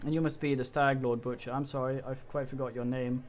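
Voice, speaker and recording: A man's voice: mid-range voice, flat delivery, a little fast, slight background noise, natural voice. A man voicing an arrogant baron who speaks offhandedly and condescendingly. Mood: dismissive. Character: arrogant male baron, dismissive and contemptuous.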